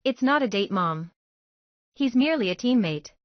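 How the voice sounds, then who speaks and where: A woman's voice: a little high, animated, normal speed, no echo, highs cut off, close to an everyday voice. A woman voicing a secretive, lovesick teenage girl ninja with a whiny teen manner, in a fan-fiction story reading.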